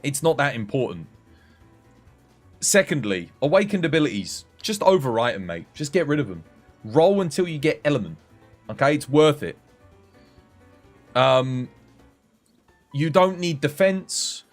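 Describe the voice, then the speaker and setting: A man with an English accent, chatting casually on a game livestream and coaching viewers in a relaxed, friendly way. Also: on the high side, measured pace, pauses often, soft background music. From England. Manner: relaxed, chatty, addresses chat as mate.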